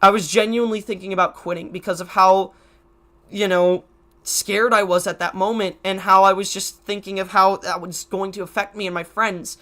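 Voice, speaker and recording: Tearful stuttering man, high voice. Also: fairly even intonation, moderate pace, bright, forceful tone. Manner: stuttering, restarting, heavy swearing. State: crying. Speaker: YouTuber. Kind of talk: emotional vlog rant to camera.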